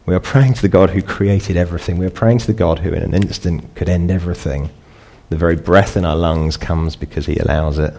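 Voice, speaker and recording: Deep-voiced man preaching conversationally. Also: steady tone, a little fast, vocal fry, mellow. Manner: conversational preaching, rising emphatic peaks. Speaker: pastor. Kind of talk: sermon.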